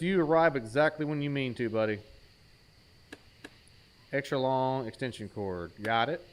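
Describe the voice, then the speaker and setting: A man's voice: mid-range voice, measured pace, long pauses, faint music behind. A man streaming a horror game in a casual, jokey way, calling out items as he plays and teasing himself. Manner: jokey, self-mocking, names items aloud while playing. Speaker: gaming streamer. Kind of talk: casual let's-play commentary.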